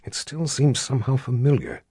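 A man reading the part of a frowning old wizard in an audiobook, murmuring in a hushed voice. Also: low-pitched, unhurried, no room sound, studio quality, voice pushed down. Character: frowning old male wizard, wary and thoughtful.

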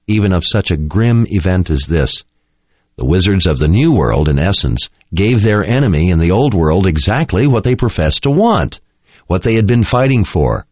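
A man reading a fantasy novel aloud in an expressive, dramatic style. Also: low-pitched, no room sound. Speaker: audiobook narrator. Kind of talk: scripted narration. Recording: dull lo-fi dry recording.

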